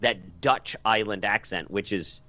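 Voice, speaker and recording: A man co-hosting a podcast in casual chat, telling a story in a wry, animated way. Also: fairly low pitch, measured pace. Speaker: podcast co-host.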